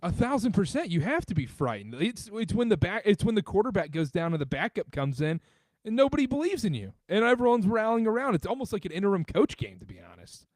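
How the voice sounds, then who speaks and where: A fairly high-voiced man hosts a casual sports podcast, his pitch swinging widely as he gets worked up. He is from the American South. The sound is dry and close. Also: fast, no echo. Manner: animated, jumps pitch when excited. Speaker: podcast host.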